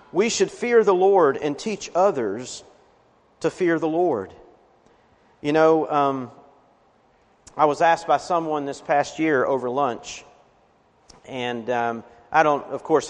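Earnest pastor in a reverberant hall. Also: male voice, medium pitch. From Appalachian region of the US. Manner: earnest preaching, emphatic swells on key words. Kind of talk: sermon.

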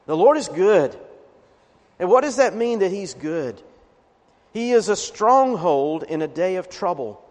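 A pastor delivers a sermon, earnest and pressing hard on key words. His voice sits on the high side for a man. The sound carries a long reverberant tail, as in a church sanctuary. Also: sing-song, unhurried, darkish tone. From Appalachian region of the US. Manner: earnest preaching, emphatic swells on key words. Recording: reverberant hall.

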